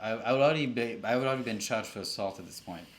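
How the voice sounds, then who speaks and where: A man co-hosting a comedy podcast, joking in a halting, rambling deadpan way about a children's book. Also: on the low side. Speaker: podcast co-host. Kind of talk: comedic book reading and banter.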